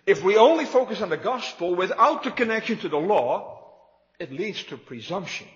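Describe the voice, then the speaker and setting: Man, pastor, sermon, emphatic repetition, fairly high voice, long hall echo. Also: expressive, normal speed, lo-fi sound.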